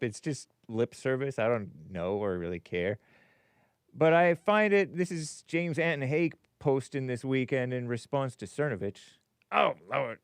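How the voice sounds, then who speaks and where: A man's voice: mid-range voice, clean tone, no echo, studio quality. A man hosting a rambling commentary show, talking casually with a wry, sarcastic edge. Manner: laughs at his own remarks. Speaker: host.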